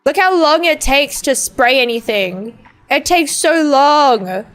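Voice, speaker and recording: A young woman chats loosely while she streams a game, rambling and ranting between fillers and swearing. Her voice sits a little high, and faint game music plays in the background. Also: expressive, slow pace, fairly bright tone. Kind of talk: casual gaming stream chat.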